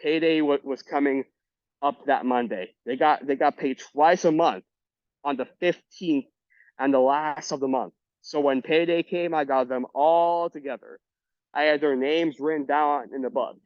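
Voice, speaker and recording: A man reading a memoir aloud for a book club, stumbling and restarting words and saying the quote marks out loud. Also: a little high, steady tone, normal speed, dry recording. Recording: dull lo-fi recording.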